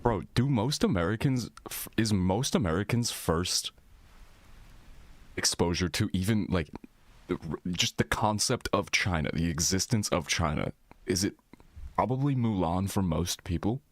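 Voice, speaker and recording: A man's voice: low-pitched, animated, normal speed, no echo. A man live streaming in casual chat, rambling and swearing as he reacts to his viewers' messages.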